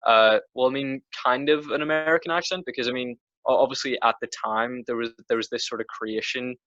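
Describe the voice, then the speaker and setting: A man's voice: medium pitch, fairly even intonation, fairly quick, a bit bright, no room sound. Northern Irish man, podcast co-host, rambling casual delivery, dry and dull lo-fi audio. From Northern Ireland. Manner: rambling, many restarts and fillers. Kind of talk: casual chat.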